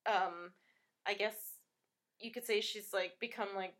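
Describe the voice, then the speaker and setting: A young woman co-hosting a casual film chat, recapping the plot in a relaxed, hesitant way. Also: mid-range voice, unhurried. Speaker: podcast co-host. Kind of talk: casual movie discussion.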